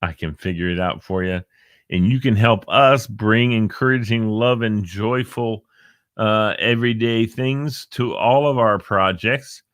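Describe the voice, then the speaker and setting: This casual live-stream chat comes from a middle-aged male host with a lowish, fairly bright voice, who jokes and calls out viewers' names. The recording is dry and of studio quality.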